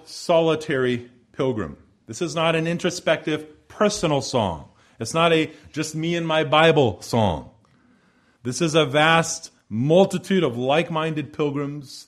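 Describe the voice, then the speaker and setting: A man preaching a sermon in an earnest, measured cadence, slowing for emphasis and reading scripture aloud. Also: on the high side. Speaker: pastor.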